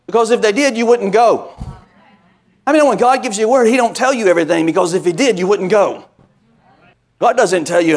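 High-voiced preaching male pastor. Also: expressive, fairly quick. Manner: preaching with call-and-response asides. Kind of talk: sermon.

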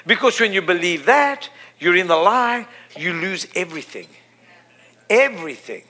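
A man's voice: high-pitched, sing-song, normal speed, sharp tone. A middle-aged man preaching a sermon, impassioned and repetitive, building to emphatic peaks.

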